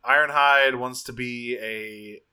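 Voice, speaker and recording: A man with a bright, forward voice talks through a cartoon episode with a co-host. He rambles casually, doubling back on his words and filling gaps with ums. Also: medium pitch, steady tone, slow, clear, resonant tone. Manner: rambling, frequent fillers and restarts, laughs often. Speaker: podcast co-host. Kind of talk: casual chat recapping a cartoon.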